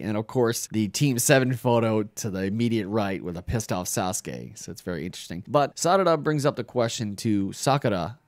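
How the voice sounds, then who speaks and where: A man's voice: on the low side, dry recording, clean studio sound. Rambling young male manga reviewer. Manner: rambling, filler-heavy, animated. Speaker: YouTube anime reviewer.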